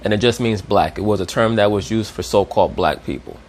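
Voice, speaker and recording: A man's voice: on the low side, brisk. A man giving a lecturing commentary, didactic and checking in with his listeners. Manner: didactic, repeats "you understand?".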